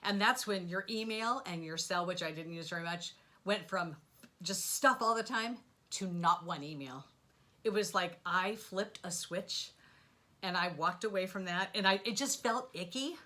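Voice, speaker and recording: A middle-aged woman telling a rambling personal story in a casual monologue, animated and full of asides and sound effects. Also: lowish voice, moderate pace. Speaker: spiritual vlogger.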